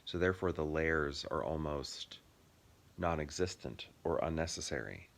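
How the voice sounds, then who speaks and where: A man in his thirties co-hosting a casual chat, easygoing and quick to laugh, with long rambling explanations. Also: a bass voice, vocal fry, a bit bright. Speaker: podcast co-host.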